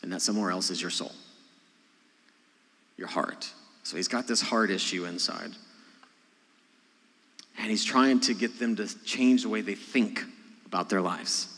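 A man preaching a sermon, talking to his congregation in a conversational way, rising to loud emphasis and dropping to quiet asides. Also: lowish voice. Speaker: pastor. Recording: long hall reverb.

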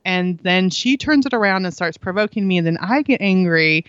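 In a conversational parenting interview, a middle-aged guest shares earnest stories, performs the quoted words of others, and laughs frequently. Her fairly low voice is expressive at a moderate pace; there's no room sound, and the highs are cut off.

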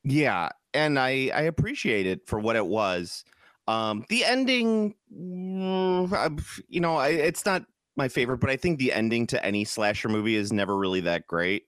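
A man's voice: medium pitch, animated, moderate pace, a bit bright, no room sound, clean studio sound. A man from Chicago co-hosting a casual podcast chat, rambling with lots of restarts and fillers. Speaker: podcast co-host.

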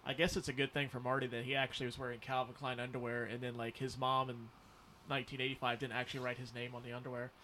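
A man's voice: medium pitch, little pitch movement, fast, bright, forceful tone, a little hiss or hum. A man co-hosting a casual movie watch-along, rambling and joking with swearing. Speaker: podcast co-host.

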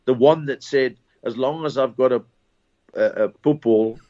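A man's voice: medium pitch, moderate pace, warm tone. A man with a South African accent, a comedian telling anecdotes in a casual interview with many restarts and chuckles. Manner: rambling anecdotes with false starts and laughs. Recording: dull lo-fi recording.

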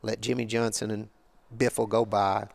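A man's voice: lowish voice, level tone, moderate pace, creaky, darkish tone. An older man, a guest on an interview show, telling rambling, colloquial stories in a casual way. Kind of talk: casual storytelling.

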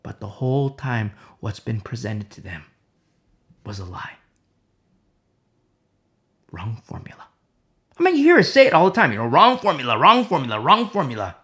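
A preacher telling stories in an impassioned sermon, swinging between loud outbursts and hushed near-whispers and repeating phrases for emphasis. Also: mid-range voice, huge pitch swings, normal speed, long pauses.

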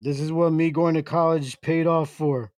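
A man hosting a casual internet radio show, reading chat messages aloud in a slow, halting way and breaking into laughter. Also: a little high, steady tone, a little mellow, no room sound, clean studio sound.

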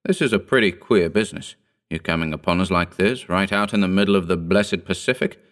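A man voicing a blunt, wary fisherman on a schooner who talks in gruff sailor's speech. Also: deep voice, fairly quick, a bit bright.

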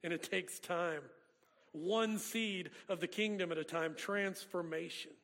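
Pastor preaching in a reverberant church. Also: male voice, sits high, fairly even intonation, a little slow, fairly bright tone. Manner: folksy storytelling preacher. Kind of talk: sermon. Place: church sanctuary. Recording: long reverb of a church hall.

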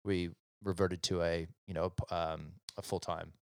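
Deep, gravelly man telling a story. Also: flat delivery, normal speed, darkish tone, no echo, studio quality. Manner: rambling storyteller who acts out dialogue with many fillers. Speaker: divorced father sharing his story. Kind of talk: casual conversational chat.

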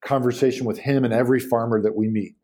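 A man's voice: mid-range voice, fairly even intonation, quick pace, dark tone, slightly rough. A man, talking casually as a guest about beef, telling stories with many fillers and restarts. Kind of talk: casual podcast conversation.

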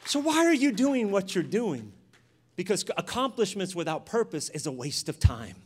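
Middle-aged male pastor, high-pitched, preaches in surges from hush to shout. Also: big pitch swings, normal speed, husky. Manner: swings from quiet storytelling to shouted exhortation. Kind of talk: sermon.

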